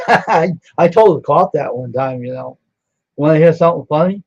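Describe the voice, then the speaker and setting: A man with a somewhat high voice tells rambling anecdotes in casual chat, chuckling as he goes. His sound is dry and a little dull, lo-fi. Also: animated, moderate pace, a little mellow, no room sound. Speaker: live stream co-host.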